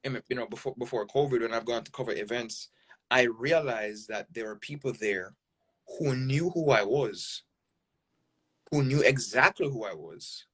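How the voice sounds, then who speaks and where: A man's voice: mid-range voice, moderate pace, breathy edge. Jamaican man telling stories with emphasis. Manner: animated, emphatic storytelling with frequent "right?" tags. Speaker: guest content creator. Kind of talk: casual interview talk.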